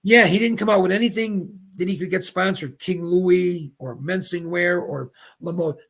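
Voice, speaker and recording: A man in his seventies from Pennsylvania, a retired bowler and guest, telling rambling, animated anecdotes in casual chat. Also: sits high, normal speed, vocal fry. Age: 70s. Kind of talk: casual storytelling.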